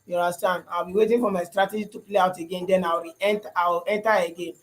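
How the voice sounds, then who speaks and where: A young man with a Nigerian accent that slips into Pidgin chats with his livestream viewers. His voice sits high for a man, and he keeps repeating lines and checking "you understand?". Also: fairly even intonation, fast, fairly bright tone, rough recording. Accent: Nigerian English with Pidgin. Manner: repetitive, asks "you understand?". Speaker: livestream host. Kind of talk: casual livestream chat with viewers.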